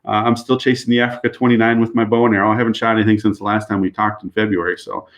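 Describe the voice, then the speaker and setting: A man's voice: on the low side, little pitch movement, very fast. A middle-aged man talking casually as a podcast guest, rambling with many restarts and fillers. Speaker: guest, hunting club president.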